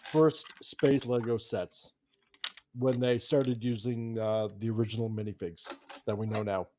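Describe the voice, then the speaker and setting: A man's voice: fairly low pitch, steady tone, a little slow, dark tone, a little hiss or hum. A man in his fifties from Canada, chatting casually and reminiscing in an easygoing way. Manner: easygoing, reminiscing, chuckles along. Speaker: guest on a build stream. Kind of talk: casual chat.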